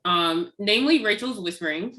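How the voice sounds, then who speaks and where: A woman's voice: mid-range voice, expressive, moderate pace, crowd noise. A woman guest on a podcast, chatting casually and animatedly. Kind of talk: casual chat.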